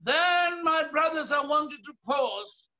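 South African male pastor, high bright voice, slow deliberate sermon delivery, dull lo-fi recording. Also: expressive. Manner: emphatic preaching, often raising his voice and stretching key words.

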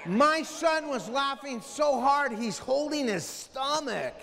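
A man speaking to a school assembly, telling animated stories, acting out scenes and yelling as he mimics himself and his son. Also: very high voice, slow pace, creaky, long reverb tail. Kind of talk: animated motivational storytelling. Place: school auditorium.

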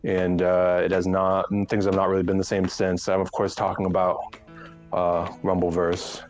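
A man with a very low voice hosts a live stream, talking haltingly in a mock-mournful deadpan. Faint music plays under him. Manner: halting, deadpan, many fillers. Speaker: streamer host.

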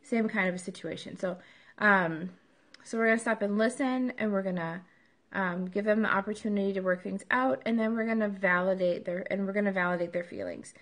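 A woman's voice: medium pitch, fairly quick, fairly bright tone. Woman host, 30s, casual parenting advice, conversational with lots of ums. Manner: conversational, many filler ums.

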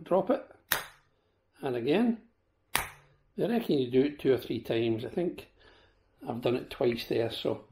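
Scottish male vlogger with a sore throat, gravelly and mellow, chatty with viewers. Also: mid-range voice, a little hiss or hum. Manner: chatty, addresses viewers as folks. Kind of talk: casual product demo.

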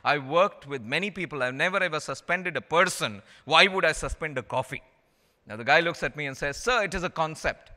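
A man's voice: on the high side, brisk, bright, forceful tone. A middle-aged man from India with an Indian English accent, giving a storytelling keynote talk and repeating phrases for emphasis. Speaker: conference speaker. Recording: long hall reverb.

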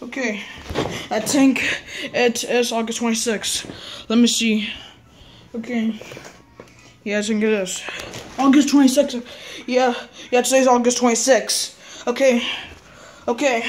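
A woman acting out a classroom with toys, talking haltingly and repeating herself. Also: a little high, steady tone, slight background noise. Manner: halting, repeats words and restarts often. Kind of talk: toy role-play as a teacher.

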